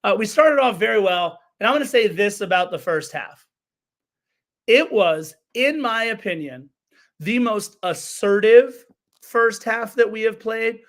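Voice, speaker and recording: A fairly high-pitched man hosting a soccer podcast, talking through a match recap with eager energy. He breaks off to correct himself and answer live chat. His delivery is casual and animated. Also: unhurried. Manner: enthusiastic, self-correcting, chatty asides to chat and co-hosts. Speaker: podcast host.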